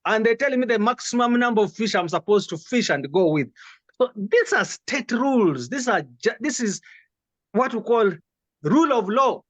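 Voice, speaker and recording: A man with a Ugandan English accent speaks in a high, ringing register. He argues with passion and builds his case through one rhetorical question after another. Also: lively intonation, moderate pace. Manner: emphatic, with stacked rhetorical questions. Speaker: guest commentator. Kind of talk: impassioned political commentary.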